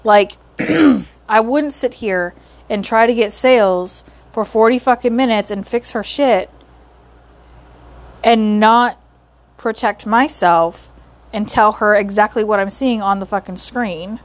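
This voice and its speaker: A woman's voice: medium pitch, slow pace. A young woman working as a call center agent, venting in a heated, profane rant about a bad call and her team lead. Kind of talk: ranting vlog.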